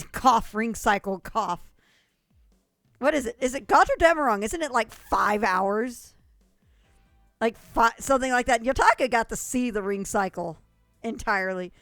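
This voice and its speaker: A woman's voice: a little high, expressive, normal speed, fairly bright tone, dry recording, clean studio sound, faint music behind. A young adult woman streamer chatting casually with viewers, gushing and rambling, with frequent coughs.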